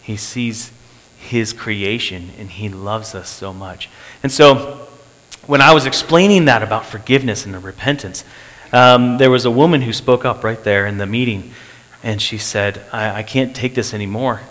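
Speaking at a normal pace, this man has a fairly low voice with a rather bright tone. He's a pastor delivering a sermon testimony, earnestly recounting a church meeting and leaning on repeated phrases, all captured with long hall reverb.

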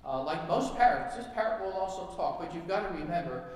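A man voicing a patient male pet store manager who calmly reassures a customer and sells her one more item, in a told joke. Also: sits high, a little fast, voice pushed up. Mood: reassuring. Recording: echoey hall, mic far off.

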